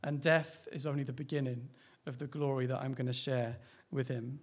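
A man's voice: medium pitch, fairly even intonation, moderate pace. A man, a pastor, preaching a sermon in a candid, conversational way, asking rhetorical questions and laughing lightly now and then.

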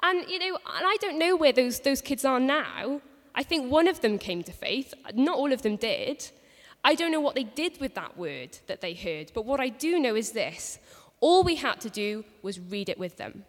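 A woman's voice: sits high, sing-song, moderate pace. Earnest woman preaching in a hall. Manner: earnest, storytelling, many restarts. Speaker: speaker at a women's church gathering. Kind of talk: personal-story sermon. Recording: long hall reverb.

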